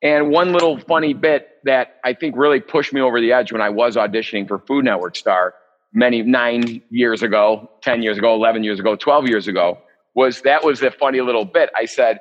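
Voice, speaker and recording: A man's voice: medium pitch, fairly quick, muffled recording. A man leading a live cooking demo as the chef, chatty and joking, with rambling asides.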